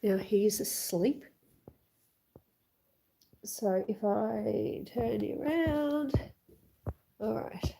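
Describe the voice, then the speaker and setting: A woman hosting a casual home livestream, chatting slowly with viewers and reading out their comments. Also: medium pitch, creaky, dark tone, roomy sound, slight background noise. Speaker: livestream host. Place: home kitchen. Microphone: computer webcam.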